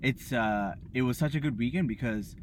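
A young man chatting casually as a podcast co-host, relaxed and slangy, often agreeing along. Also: medium pitch, normal speed, crowd noise. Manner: laid-back, slangy, lots of agreeing fillers. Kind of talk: casual chat.

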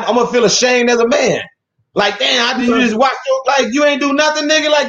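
A man hosting a casual, joking chat, animated and profane, who often acts out other people's voices. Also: sits high. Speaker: podcast host. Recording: echoey dull lo-fi room.

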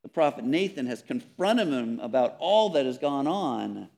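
A man preaching a sermon, earnest and emphatic, repeating words and dropping softly on key phrases. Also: medium pitch, big pitch swings, moderate pace, creaky. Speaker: pastor.

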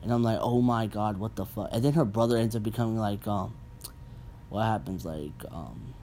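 A young man hosting a casual podcast, ranting bluntly and profanely with animated asides. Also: fairly low pitch, moderate pace, a little hiss or hum. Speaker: podcast host. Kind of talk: casual rant.

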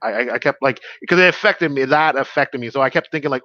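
A man, a stand-up comedian, rambles through his stories in a casual interview, stumbling over fillers and restarts. His voice sits at an ordinary middle pitch. The sound is dry and a little dull. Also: quick pace, bright, forceful tone, dry recording.

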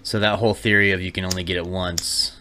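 A man's voice: low voice, level tone, quick pace, background noise. A man co-hosting a crude podcast, chiming in with quips and telling profane family stories in a casual way. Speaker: podcast co-host.

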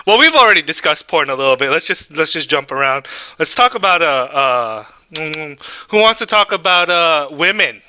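A man's voice: a little high, lively intonation, moderate pace, pushed and bright, clean tone. A young man co-hosting a casual podcast over a call, joking crudely and laughing often. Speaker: podcast co-host. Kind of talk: casual chat.

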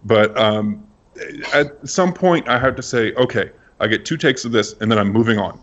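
Male guest creator, relaxed and candid in panel chat, dull lo-fi audio. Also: medium pitch, moderate pace.

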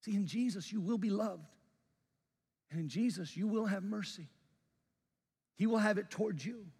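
A man preaching a sermon, telling a story conversationally with animated emphasis and building to a fervent close. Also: high voice, moderate pace, husky, in a large hall. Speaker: pastor.

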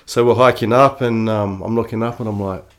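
Laid-back New Zealand man, low voice. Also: fairly even intonation, brisk. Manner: laid-back, slangy, swears casually. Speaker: interview guest. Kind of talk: casual storytelling.

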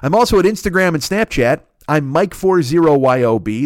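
A man's voice: medium pitch, lively intonation, normal speed, hardly any pauses, dry recording. A man in his forties hosting a podcast, rattling off plugs in a loose, rambling way with plenty of swearing and jokes at his own expense. His voice is dry and close to the mic, with no room sound. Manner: rambling, profane, self-mocking. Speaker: podcast host. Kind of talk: casual plugs and shout-outs.

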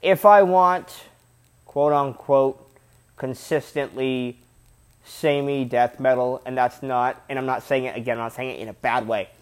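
A man's voice: mid-range voice, steady tone, a little slow. A young man reviewing a metal album in a casual vlog, rambling and repeating himself with loose slang. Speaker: music reviewer.

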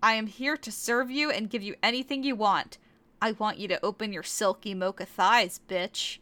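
A woman's voice: medium pitch, steady tone, normal speed, bright, forceful tone, close to an everyday voice. Woman playing a crude, smug demon lord, Sesshomaru. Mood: commanding. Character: domineering male demon lord lover.

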